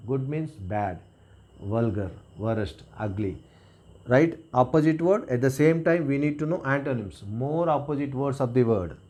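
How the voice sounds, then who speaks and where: A man's voice: medium pitch, mellow. A middle-aged man teaching grammar and vocabulary, explaining step by step and often checking in with "right?". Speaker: English teacher. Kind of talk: classroom grammar lesson.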